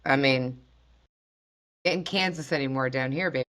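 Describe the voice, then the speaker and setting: A woman's voice: extremely low pitch, moderate pace, a bit bright. A woman hosting a podcast, chatting casually and animatedly with lots of fillers. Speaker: podcast host. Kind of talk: casual chat.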